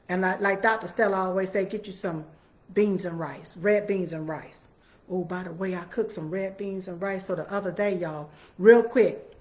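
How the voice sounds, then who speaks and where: A woman hosting a casual live stream from her home computer, chatting folksily with viewers. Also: medium pitch. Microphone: computer mic.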